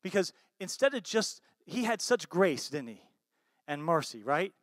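High-voiced emphatic American pastor preaching. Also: male voice, very animated, a little slow, no room sound, clean studio sound. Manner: swings between loud emphatic bursts and low soft asides; asks the congregation rhetorical questions. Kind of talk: sermon.

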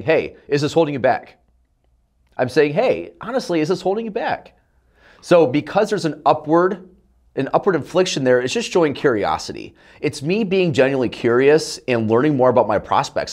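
Earnest male sales coach. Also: mid-range voice. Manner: earnest, direct, acts out sample questions with rising inflection. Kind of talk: motivational teaching talk.

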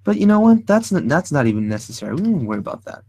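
A man's voice: on the high side, sing-song, rapid-fire, darkish tone. A man hosting a casual live drawing tutorial, rambling and thinking aloud as he sketches, adding playful sound effects. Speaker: art stream host.

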